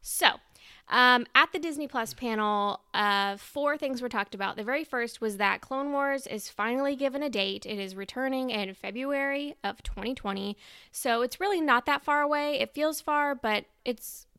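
A young woman hosting a podcast, bubbly and excitable as she chats. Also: a little high, normal speed, clean tone, no room sound, clean studio sound. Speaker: podcast host. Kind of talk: casual chat.

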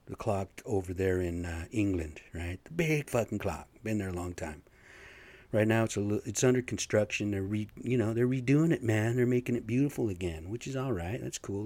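Blue-collar man venting alone, profane and rambling, low pitch, dead-dry room. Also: normal speed, darkish tone, no echo. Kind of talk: casual solo rant.

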